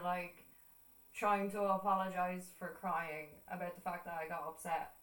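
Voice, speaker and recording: A woman's voice: mid-range voice, distant mic. A young Irish woman telling stories in casual stream chat, swearing freely and acting out what people said. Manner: chatty storytelling, swears freely, acts out quoted voices. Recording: echoey room, voice a bit off-mic.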